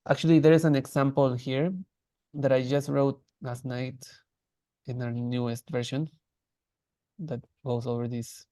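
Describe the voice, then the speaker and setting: A man's voice: medium pitch, level tone, a little slow, long pauses, mellow, no echo. A man teaching an online language class in a casual, restarting way, demonstrating sounds.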